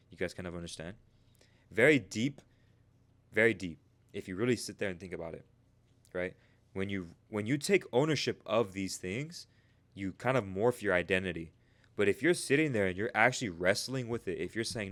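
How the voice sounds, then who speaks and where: A man's voice: on the low side, animated, fairly quick, a bit bright. A man teaching traders about mindset in a motivational monologue, firing rhetorical questions and tagging "right?" after almost every phrase. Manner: repeats "right?" and "you guys" constantly, rhetorical questions. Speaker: trading educator.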